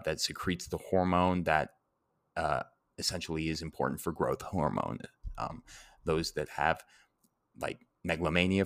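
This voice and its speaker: Male podcast lecturer, very low voice, chatty and meandering, dry close mic. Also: fairly bright tone, dry recording. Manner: conversational, rambling with fillers and self-corrections. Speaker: anatomy and etymology instructor.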